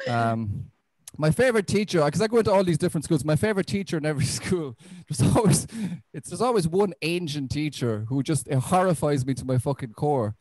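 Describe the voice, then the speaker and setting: A young Irish man doing a stand-up comedy set on a club stage, deadpan and self-deprecating, with frequent swearing. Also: a little high, a little fast, no echo, low-quality recording. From Ireland.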